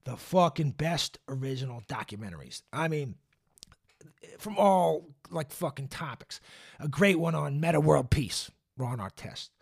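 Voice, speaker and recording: Profane ranting man, slightly high voice. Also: animated, unhurried, gravelly, breathy edge. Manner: profane, scathing, drawling with many fillers. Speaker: movie commentator. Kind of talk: casual rant.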